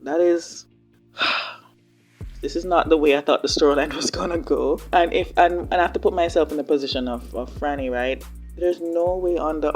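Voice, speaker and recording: A woman giving casual reaction commentary on a TV drama, expressive and slangy, talking back at the screen. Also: low voice, husky. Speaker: reaction video host.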